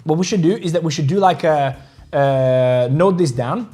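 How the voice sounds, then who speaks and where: A man's voice: a little high, normal speed, warm tone, breathy edge. A man hosting a crypto trading livestream, rambling casually, swearing freely and joking with viewers about their likes. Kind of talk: casual livestream chat, reading viewer comments.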